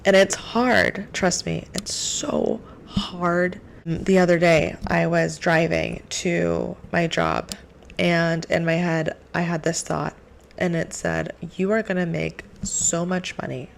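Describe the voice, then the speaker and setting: A young woman talking to camera about her faith, earnest and animated, with plenty of "like". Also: on the low side, takes it slowly, creaky, a little hiss or hum. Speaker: faith vlogger. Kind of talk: casual faith talk to camera.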